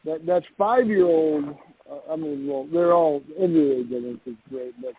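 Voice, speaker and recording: A man's voice: fairly high pitch, moderate pace, slight background noise. A man hosting a podcast interview, enthusiastic and welcoming toward his guest. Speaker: podcast host. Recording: dry tinny phone-like line.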